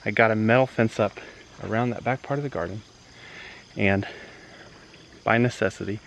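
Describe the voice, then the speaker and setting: A man talking casually on a farm vlog in a hurried, matter-of-fact way. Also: lowish voice, creaky, a bit bright, a little hiss or hum, low-quality recording. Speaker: husband, co-host.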